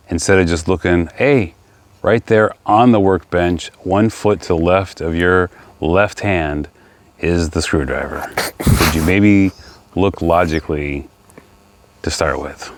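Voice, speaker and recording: A man co-hosting a casual family podcast, teasing his son in a dry, blunt way. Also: deep voice. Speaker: father and podcast co-host.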